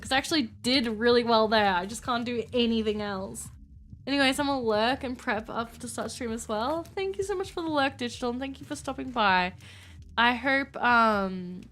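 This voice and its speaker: A woman's voice: on the high side, fairly bright tone, a little hiss or hum. A woman chatting casually with her chat while live-streaming a game, rambling and filling with "like".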